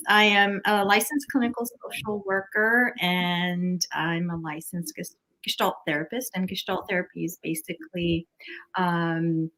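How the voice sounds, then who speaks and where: A woman's voice: fairly low pitch, fairly bright tone, low-quality recording. A woman from Pennsylvania, a psychotherapist guest on a live stream, explaining her work with enthusiasm. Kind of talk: casual interview talk.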